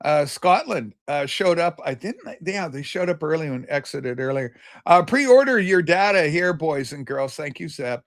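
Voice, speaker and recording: Man with a fairly high voice, a rambling livestream host greeting viewers and reading comments aloud. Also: expressive, normal speed. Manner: loose and chatty, with many fillers and restarts. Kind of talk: casual livestream chat.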